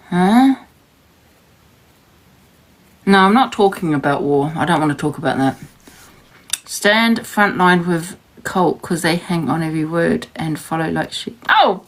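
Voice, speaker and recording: A woman from New Zealand chatting casually on a livestream, rambling and defensive and laughing often. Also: on the low side. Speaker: livestream host.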